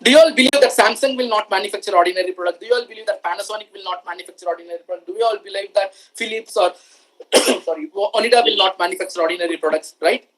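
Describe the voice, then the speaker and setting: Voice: mid-range voice, rapid-fire, fairly bright tone, low-quality recording. A motivational speaker addresses a room of students. The talk moves in emphatic, repeated phrases, with frequent questions thrown at the listeners. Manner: emphatic, repeats lines for effect, asks the audience questions.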